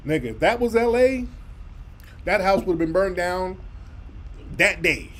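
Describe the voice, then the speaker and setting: A man's voice: sits high, animated, a little slow, slight background noise. A man hosting a radio commentary show, reacting to clips in a blunt, profane, mocking way. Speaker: radio host. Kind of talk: commentary over played clips.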